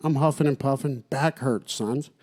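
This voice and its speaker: A man co-hosting a podcast, his voice dark and mellow. He rants in a profane, mock-preachy way, calling his listeners "sons" and swearing freely through casual chat. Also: mid-range voice, moderate pace. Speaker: podcast co-host.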